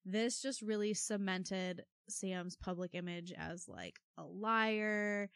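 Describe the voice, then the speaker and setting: A woman co-hosting a casual true-crime podcast, telling the story in a wry, animated way. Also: medium pitch, slow, gravelly, smooth, no room sound, studio quality. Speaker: podcast co-host.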